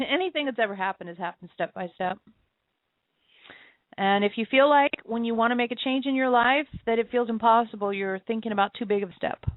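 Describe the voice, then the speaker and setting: A mid-range female voice comes over a tinny, phone-like line, close and dry without any echo. As co-host of an internet radio show, she shares personal stories in a relaxed, musing chat, laughing a lot.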